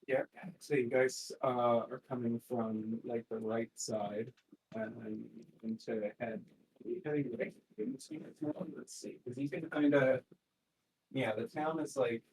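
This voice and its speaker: A man narrating as game master in a tabletop game, halting and full of fillers. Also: mid-range voice, expressive, vocal fry, darkish tone, slight background noise, poor audio.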